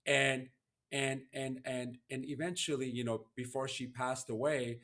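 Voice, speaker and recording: A man's voice: mid-range voice, flat delivery, unhurried, fairly bright tone. Earnest man telling a personal story. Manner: earnest, emotional, heartfelt. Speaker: podcast host.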